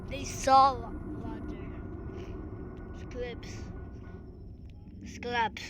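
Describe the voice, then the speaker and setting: A woman's voice: a little high, steady tone, drawn-out words, pauses often, very noisy. A woman playing a video game and commenting, jumpy and shrieky, with bursts of squealing and laughter. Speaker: gamer streaming play.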